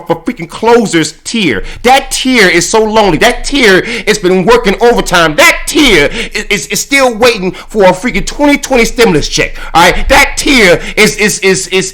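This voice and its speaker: A man hosting reaction commentary, mocking and animated, with stammering repetitions. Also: high-pitched. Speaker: host.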